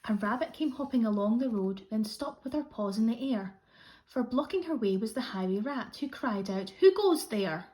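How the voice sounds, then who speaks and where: A Scottish woman, a primary school teacher, reading a rhyming storybook aloud with a lively rhythm. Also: on the high side, moderate pace. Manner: expressive rhythmic read-aloud.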